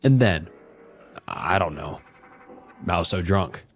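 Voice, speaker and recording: A man's voice: low-pitched, lively intonation, slow, slightly rough, soft background music, heavily acted. A man voicing a drunk, violent, self-pitying husband who rambles and swears crudely through a horror story. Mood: bitter, rambling.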